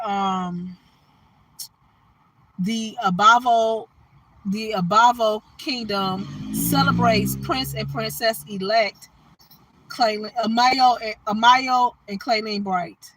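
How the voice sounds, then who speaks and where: A woman's voice: fairly high pitch, pushed and bright, poor audio. A woman chatting casually on a livestream, talking animatedly with her viewers. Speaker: livestream host.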